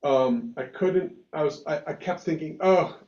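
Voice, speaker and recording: A man's voice: on the high side, measured pace, warm tone. A man who is a rabbi, talking animatedly in a casual discussion, with frequent restarts and emphatic bursts. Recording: echoey room, dull lo-fi sound.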